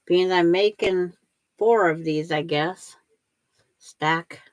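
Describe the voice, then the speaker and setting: Slow, chatty older woman quilting. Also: fairly low pitch, no echo. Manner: chatty, answers viewers and talks herself through each step. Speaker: quilting livestream host. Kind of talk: casual chat while sewing.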